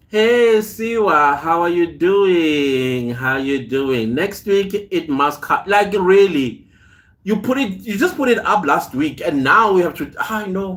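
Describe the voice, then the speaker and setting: A man hosts a casual live stream, reading out viewer comments and greeting people by name. He speaks at an unhurried pace in a somewhat high voice. His stories wander in a chatty way, broken up by laughs. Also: a bit bright. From South Africa. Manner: reads viewer comments aloud and greets them; chatty storytelling with frequent laughs. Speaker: host.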